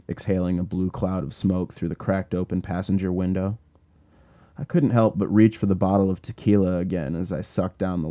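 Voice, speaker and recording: A man, the author himself, narrates his own novel for an audiobook in a wry, laid-back first-person manner. His voice is low and mellow. The recording is a little dull and lo-fi.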